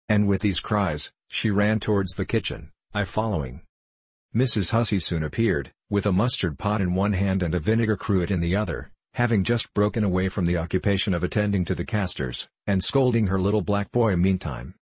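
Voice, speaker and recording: Low husky male audiobook narrator. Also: brisk, no echo. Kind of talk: first-person literary narration.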